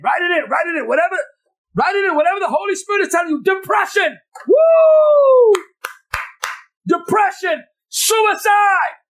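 A man preaching at a deliverance service, shouting commands and repeating himself emphatically, breaking into tongues. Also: extremely high pitch. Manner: rapid commanding repetition. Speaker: preacher leading a deliverance session. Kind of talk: charismatic sermon.

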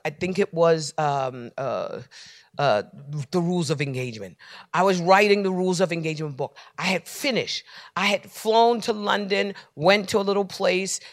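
A high-pitched male preacher delivering a sermon in a dry, close-sounding space. He swings from hushed near-whispers up to loud shouts. He circles back to repeated refrains in a preaching cadence. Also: no room sound. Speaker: pastor.

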